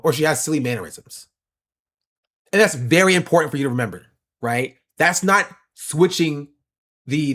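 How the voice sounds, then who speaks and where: Male streamer, slightly high voice, opinionated political commentary, explains points. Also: fairly bright tone.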